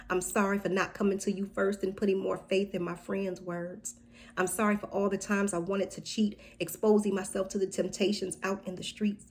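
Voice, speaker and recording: A woman reciting a spoken word poem about love and apology, slow and deliberate, sometimes dropping to a soft whisper. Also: mid-range voice, slight background noise.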